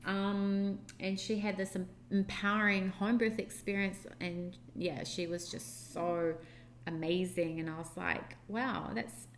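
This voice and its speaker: A woman's voice: mid-range voice, level tone, measured pace, slight background noise. A young woman co-hosting a podcast, telling a personal story in a chatty, rambling way with lots of fillers. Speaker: podcast co-host. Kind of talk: casual storytelling chat.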